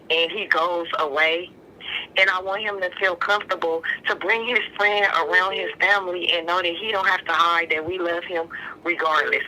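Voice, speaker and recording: Earnest lady calling in, super bright voice, lays it all out, bit of hiss behind. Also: fairly low pitch, poor audio. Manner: earnest and concerned, explains at length. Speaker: caller. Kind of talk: phone call to a live show.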